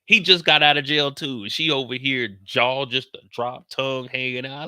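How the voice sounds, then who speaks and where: Male recap host, unhurried, slangy storyteller, crisp edge, no room sound. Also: mid-range voice, no echo, studio quality. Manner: slangy, animated, quotes characters in put-on voices; talks slower than in his live streams.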